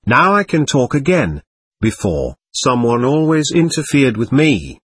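A man reading aloud the lines of a quick-tempered, stubborn male spirit in a séance record, defiant and threatening. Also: mid-range voice, sing-song, a bit bright, slightly rough, dry recording, heavily acted.

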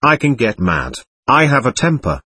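A man's voice: mid-range voice, sing-song, moderate pace, pushed and bright, slightly rough, exaggerated voice. Man reading as a belligerent stubborn spirit. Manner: defiant, blustering, threatening. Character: belligerent stubborn male spirit, quick-tempered. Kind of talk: reading a séance record aloud.

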